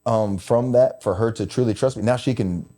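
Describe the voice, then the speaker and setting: A man's voice: medium pitch, normal speed, dark tone. A middle-aged man hosting a podcast, telling a personal story in a candid, emotional way and swearing freely. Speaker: podcast host.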